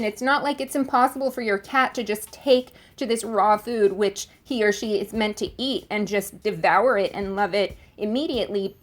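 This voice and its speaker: A woman hosting her own vlog, explaining cat care in a friendly, direct way straight to the camera. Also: medium pitch. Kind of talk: casual talk to camera.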